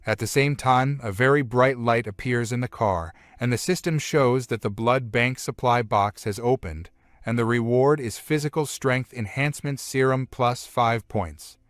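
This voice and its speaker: A man reads a comic recap in a plain, steady delivery, chaining events together one after another. His voice sits at an ordinary middle pitch. The recording is close and dry, with no room sound. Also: moderate pace, dry recording. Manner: plain retelling strung together with "and then". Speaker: recap narrator.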